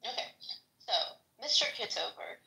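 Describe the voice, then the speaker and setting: A woman's voice: moderate pace, sharp tone, poor audio. A woman interviewing the host in a live audio chat room, playful and teasing in a mock-formal way. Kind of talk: casual chat.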